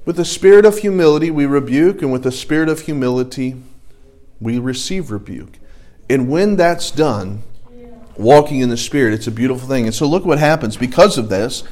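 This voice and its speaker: A man's voice: mid-range voice, animated, moderate pace, a little mellow. A middle-aged man teaching an adult church Bible class, telling stories in a loose, conversational way with emphatic stretches. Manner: conversational, anecdotal, sidetracked storytelling with rising emphasis.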